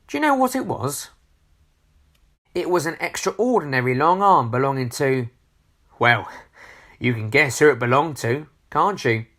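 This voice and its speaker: A man reading a children's storybook aloud, expressive, asking the listener questions. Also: medium pitch.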